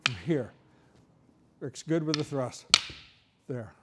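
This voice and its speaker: Amid heavy background noise, a middle-aged man with a medium-pitched voice speaks slowly as he runs a hands-on martial arts seminar. He walks through each move while demonstrating, regularly adding "right?".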